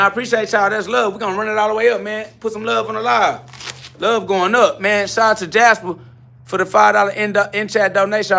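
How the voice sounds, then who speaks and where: A man's voice: sits high, creaky, pushed and bright. A man hosting a live stream from his garage gym, answering viewer comments in a brash, boastful, repetitive rant. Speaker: livestream host.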